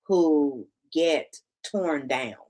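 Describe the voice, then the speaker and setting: A woman's voice: low-pitched, animated, extremely slow, warm tone. A woman hosting a casual interview, affirming her guest with lots of agreement and enthusiasm. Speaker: show host.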